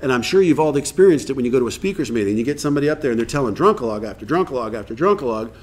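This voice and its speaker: At a live recovery workshop, a man gives an informal, conversational talk, reading passages aloud and acting out quotes. His medium-pitched voice is animated and very fast.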